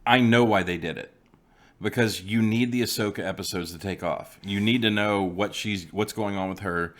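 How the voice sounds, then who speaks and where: Low-voiced man in casual profane chat. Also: normal speed, a bit bright. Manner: swears a lot, joking asides. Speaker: podcast co-host.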